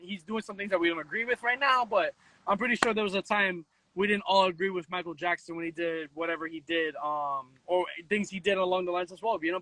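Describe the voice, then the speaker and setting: A man from New York City, an interview guest and content creator, musing in a relaxed, casual chat and often adding "you know". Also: high-pitched, dry recording, rough recording.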